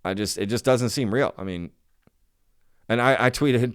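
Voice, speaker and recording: A man hosting his own commentary channel, talking straight to viewers with emphatic, repetitive skepticism. His voice is smooth and resonant, at an ordinary middle pitch for a man. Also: moderate pace, pauses often. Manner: emphatic, skeptical, repeats himself, addresses viewers as y'all. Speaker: channel host.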